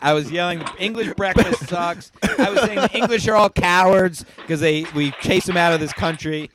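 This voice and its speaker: A man from Philadelphia hosting a crude comedy podcast, loud and profane, often shouting as he rants. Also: high-pitched, normal speed, slight background noise. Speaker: podcast host.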